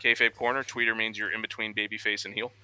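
A young man co-hosting a casual podcast, chatting excitedly about news and acting out quotes in voices. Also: fairly low pitch, fast, smooth. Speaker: podcast co-host.

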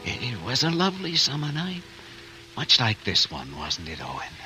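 An actor playing a stern older guardian in a 1940s radio drama, forceful and commanding. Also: male voice, medium pitch, wildly swooping pitch, normal speed, low-quality recording. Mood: reminiscing. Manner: forceful, commanding, swings to tender. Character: stern older guardian nursing an old hatred. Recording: old radio broadcast with music.

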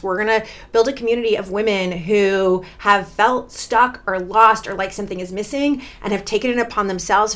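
A woman's voice: medium pitch, a bit bright. A woman in her thirties talks straight into a close podcast mic as a life coach. Her delivery is candid and emphatic, and she swears without hesitation. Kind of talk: personal podcast monologue.

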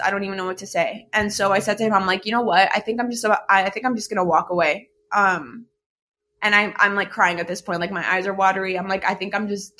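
A young woman in casual chat, telling a personal story in an animated way, with lots of fillers and swearing. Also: medium pitch. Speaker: storyteller recounting a breakup.

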